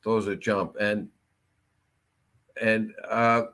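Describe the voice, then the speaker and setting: A man co-hosting a local talk show, his voice sitting a little low. He drifts into long, rambling anecdotes and keeps the tone relaxed and chatty. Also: extremely slow. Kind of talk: casual talk-show chat.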